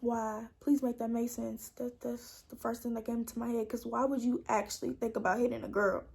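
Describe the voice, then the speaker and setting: Animated young woman telling a storytime. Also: fairly high pitch, brisk, creaky, husky. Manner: animated, acts out quoted lines in her own voice. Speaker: vlogger. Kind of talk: casual storytime.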